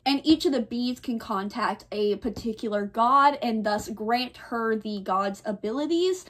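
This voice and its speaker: A young woman hosting a casual reading vlog, talking in a gushing, excitable way. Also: a little high. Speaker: book vlogger.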